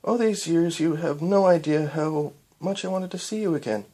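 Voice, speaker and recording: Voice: mid-range voice, normal speed, dark tone, voice pushed up, natural voice. A reader voicing a tender young-adult pony princess in a storybook reading.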